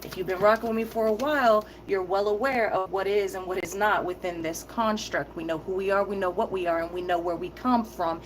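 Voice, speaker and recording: A woman's voice: mid-range voice, steady tone, a little fast, few pauses, a little hiss or hum, rough recording. Firm, emphatic woman reading tarot. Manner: firm, emphatic, repeats key phrases; heated, intense delivery. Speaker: tarot reader.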